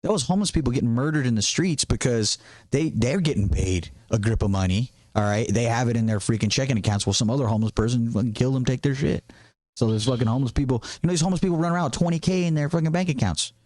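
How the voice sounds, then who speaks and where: A man's voice: medium pitch, fast talker, darkish tone, no echo. A man co-hosting a podcast, chatting casually with a buddy and swearing freely. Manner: swears freely, laid-back bro talk. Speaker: podcast co-host.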